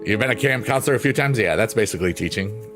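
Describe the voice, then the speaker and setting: A man's voice: on the low side, animated, rapid-fire. A man hosting a livestream, chatting casually and jokingly as he reads out the chat. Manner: rambling, jokey, reads chat aloud. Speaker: livestream host. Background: piano.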